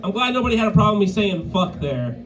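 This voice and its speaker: A man's voice: high voice, sing-song, fast, low-quality recording. A man from Maine doing a live stand-up set, crude and profane, laughing at his own jokes. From Maine, USA. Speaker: stand-up comedian. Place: live comedy venue.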